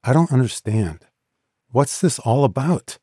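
A man's voice: mid-range voice, lively intonation, measured pace, warm tone, breathy edge, no room sound, studio quality, pitched above the performer's own voice. A man voicing a friendly, teasing young woman bartender in an audiobook. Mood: uneasy. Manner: chatty, playful.

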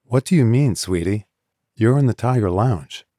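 A man's voice: on the low side, expressive, moderate pace, dark tone, breathy edge, no echo, clean studio sound. A man voicing a friendly, teasing young woman bartender in an audiobook. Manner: chatty, playful.

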